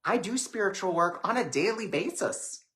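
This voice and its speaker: A man hosting a live stream, giving a reflective spiritual talk with gentle, repetitive phrasing and many fillers. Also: sits high, animated, moderate pace. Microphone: webcam or phone on a live stream.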